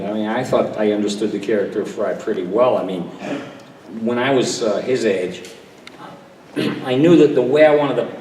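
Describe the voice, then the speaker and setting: A man's voice: on the low side, darkish tone. Older man, panel guest, chatty storyteller, heard from far off in a big echoing hall with faint room noise. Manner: chatty, self-deprecating, jumps into quick impressions. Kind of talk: relaxed storytelling to an audience. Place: convention hall. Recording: distant, echoey hall recording with faint crowd ambience.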